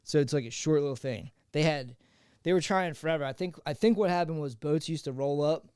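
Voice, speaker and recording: A man co-hosting a podcast, telling a history story in animated, profane, slangy casual chat. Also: a little high, fairly quick, clean tone, dry recording, studio quality. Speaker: podcast co-host.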